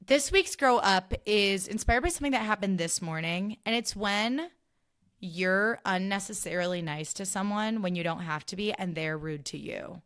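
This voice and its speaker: A woman's voice: mid-range voice, moderate pace, a bit bright, clear, resonant tone. Chatty woman hosting a solo podcast. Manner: chatty, filler-heavy, sarcastic asides. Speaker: podcast host. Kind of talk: casual solo podcast chat.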